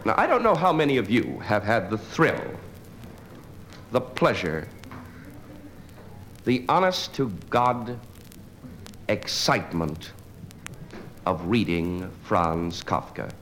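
A man's voice: on the low side, big pitch swings, takes it slowly, pauses often, a bit bright. A man doing a live stand-up routine, with a dry, wry delivery broken by hesitant fillers. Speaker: stand-up comedian. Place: stage before a live audience. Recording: noisy live stage recording.

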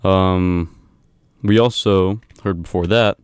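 Low, flat-voiced man with a halting delivery. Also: clean tone, no echo, clean studio sound. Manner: halting, many ums and uhs. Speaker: radio DJ. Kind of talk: casual radio back-announcing.

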